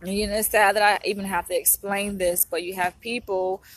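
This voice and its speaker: A woman's voice: mid-range voice, level tone, brisk, no echo. Young adult woman, crying through a heartfelt, rambling vlog; mid-range voice. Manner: tearful, heartfelt, rambling with many fillers. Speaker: vlogger and doctoral psychology student. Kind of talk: emotional casual vlog talk.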